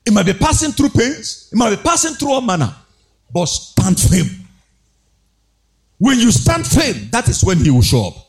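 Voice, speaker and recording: Man preaching, high voice, lots of repeats n sing-song questions. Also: very animated, normal speed, gravelly, long pauses. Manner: exhorting, rhetorical questions, repeats phrases, sing-song emphasis. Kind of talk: sermon.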